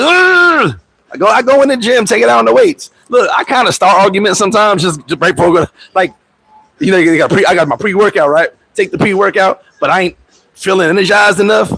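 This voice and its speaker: A man's voice: sits high, vocal fry, fairly bright tone, husky, rough recording. A man hosting a casual livestream, talking in loose street slang, laughing often and acting out little scenes in other voices. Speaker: expat vlogger and livestream host.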